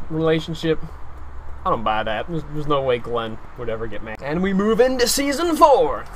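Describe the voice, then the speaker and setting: Young male reviewer, a bit high-voiced, chatty and opinionated; faint hiss underneath. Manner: animated, opinionated, lots of filler "like". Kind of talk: casual video review.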